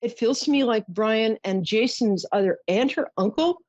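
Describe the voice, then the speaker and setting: A woman's voice: a little high, lively intonation, moderate pace, darkish tone, dry recording. A woman hosting a psychic call-in show, soothing and full of endearments as she gives readings. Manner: soothing, showers callers with endearments. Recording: dull lo-fi dry sound.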